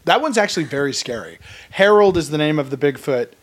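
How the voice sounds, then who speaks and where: A man working as a voice actor, chatting casually and warmly in an interview, with plenty of fillers. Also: a little high, animated, quick pace. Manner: friendly, chatty, many fillers. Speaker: voice actor guest.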